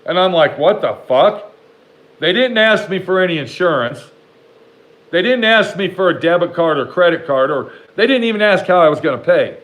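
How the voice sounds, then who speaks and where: A man's voice: high-pitched, poor audio. Fired-up, foul-mouthed storytelling man. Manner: profane, rambling, talks back to imagined haters; animated, jumps between slow emphasis and rushed asides. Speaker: vlogger telling a personal story. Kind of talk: casual storytelling to camera.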